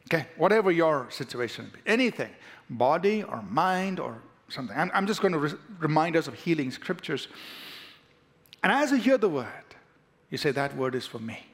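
A man's voice: on the high side, big pitch swings, moderate pace. A pastor preaching a sermon, leading his congregation in repeated declarations with emphatic call-and-response. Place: church sanctuary.

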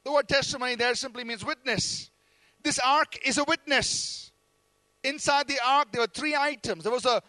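Male preacher, very high and bright voice, emphatic, draws responses from the congregation. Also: brisk, no room sound. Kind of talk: sermon.

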